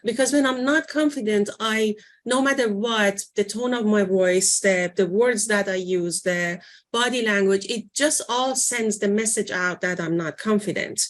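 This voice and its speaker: A woman leads a workshop in a relaxed, conversational teaching voice. She often pauses and reaches for words, filling the gaps with small hesitations. Her pitch sits in an ordinary middle range. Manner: conversational, searching for words with frequent fillers. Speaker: workshop presenter. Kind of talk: informal teaching talk.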